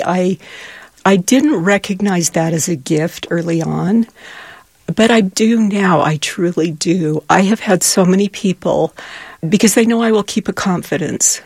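Woman, middle-aged, husky, earnest, emotional storyteller, dry sound. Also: fairly low pitch, unhurried, a little mellow, no echo. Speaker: charity volunteer. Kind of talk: interview answers.

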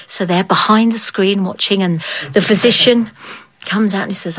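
A woman's voice: mid-range voice, steady tone, normal speed, fairly bright tone, slight background noise, rough recording. A woman telling a folk tale aloud in a playful way, acting out the characters and laughing along. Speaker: storyteller. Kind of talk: oral storytelling.

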